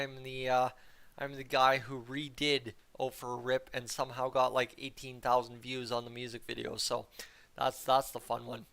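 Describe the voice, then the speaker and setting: Brief: young Canadian man, nasal and bright, fan play-by-play streamer, flat delivery. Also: mid-range voice, creaky, clean tone. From Cold Lake, Alberta, Canada. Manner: rambling, chatty, gets loud on shots. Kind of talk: live fan play-by-play with chat banter.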